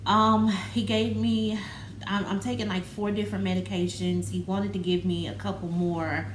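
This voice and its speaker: A woman's voice: medium pitch, little pitch movement. Woman vlogging in a roomy space. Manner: halting and candid, with many fillers. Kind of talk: candid personal vlog. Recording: roomy with faint background noise.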